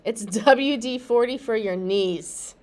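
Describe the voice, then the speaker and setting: A woman's voice: fairly high pitch, slow pace. A young woman teaching anatomy for massage exam prep, chatty and joking, laughing often between points. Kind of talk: casual classroom lecture.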